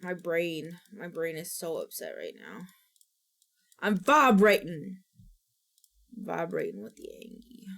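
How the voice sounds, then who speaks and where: A woman's voice: low voice, big pitch swings, normal speed, few pauses. A woman streamer chatting casually on a live stream, rambling and frustrated, sometimes slipping into goofy baby talk.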